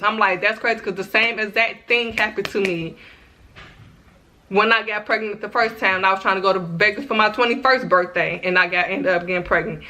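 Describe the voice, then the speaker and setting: Bright-voiced chatty young woman. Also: mid-range voice, brisk. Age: 20s. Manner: chatty, animated, addresses viewers directly. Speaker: vlogger. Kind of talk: casual storytime vlog.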